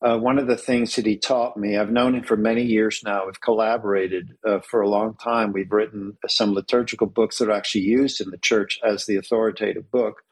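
A man interviewed about his work as a church author, speaking in a measured, earnest way and slowing down to stress key words. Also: lowish voice, flat delivery, slightly rough, low-quality recording. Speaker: interview guest, Orthodox clergy author. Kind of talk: thoughtful conversational interview.

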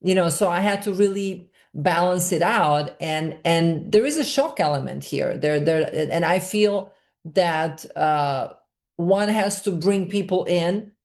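Woman filmmaker, low-pitched, earnest interview guest who explains at length and circles back over her words. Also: measured pace, a little mellow. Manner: long, searching explanations with frequent repeats.

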